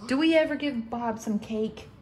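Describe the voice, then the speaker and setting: Young mom, kinda high voice, soft and coaxing with her little one, bit of faint room noise. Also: normal speed. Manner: gentle, coaxing, sing-song questions. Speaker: mother calming her toddler. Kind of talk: soothing parent talk to a child. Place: home, at a table.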